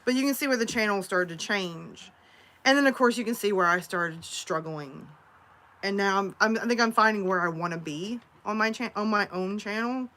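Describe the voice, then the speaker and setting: Lady rambling thru stories on a stream, medium pitch, chatty. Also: moderate pace, a bit bright. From Alabama. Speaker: story narrator and streamer. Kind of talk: casual livestream chat.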